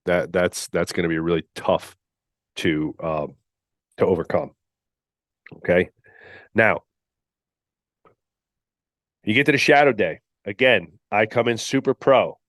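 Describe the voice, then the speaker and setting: A man's voice: low-pitched, unhurried, pauses often, fairly bright tone, no echo, clean studio sound. A man hosting a podcast, giving a blunt, emphatic solo coaching talk that he keeps punctuating with "all right.". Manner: mocks candidates in put-on whiny voices. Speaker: podcast host and gym owner.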